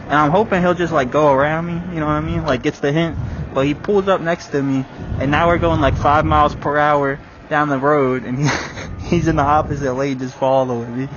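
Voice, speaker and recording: A man's voice: fairly high pitch, fairly even intonation, brisk. A young man talking casually on a riding vlog, swearing often and calling the viewer bro and dude, recorded outdoors on a small clip-on mic. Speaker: vlogger. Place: outdoors on a dirt bike on country roads. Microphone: small wireless clip-on mic. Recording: muffled lo-fi audio with loud wind and road noise.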